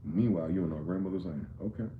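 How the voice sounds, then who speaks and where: A man's voice: deep voice, quick pace, phone-quality sound, a little hiss or hum. A man giving a heated, profane, sarcastic rant about politics and money as a commentary vlogger. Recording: roomy echo.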